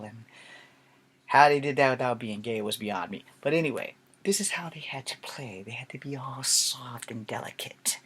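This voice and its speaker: A man's voice: mid-range voice, a bit bright. A man talking in a rambling, self-deprecating monologue, swearing casually as he goes. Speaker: vlogger.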